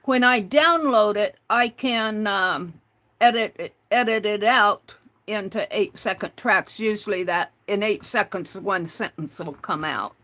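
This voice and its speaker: A woman's voice: mid-range voice, a little slow, pushed and bright. A woman hosting a casual livestream, chatting with viewers, reading their comments aloud and spelling out words letter by letter. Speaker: livestream host.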